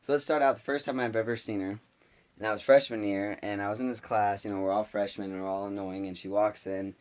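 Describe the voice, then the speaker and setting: A man's voice: on the low side, fairly even intonation, fast talker. A young man vlogging, telling a school story in a rambling, exasperated way. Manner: rambling, exasperated, lots of fillers. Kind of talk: casual storytelling to camera.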